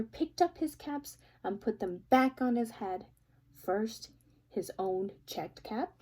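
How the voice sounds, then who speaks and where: A woman reading a picture book aloud, pausing to ask the listener questions. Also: fairly high pitch, warm tone, slightly rough. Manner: asks the listener questions, playful. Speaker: reader.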